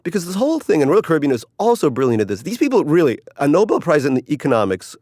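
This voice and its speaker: A middle-aged male author is interviewed about his cruise article, speaking quickly in a fairly high, sing-song, slightly mellow voice. He's casual and wry, rambling along, laughing often and putting on mock voices for the quotes. The studio-quality audio has no room sound.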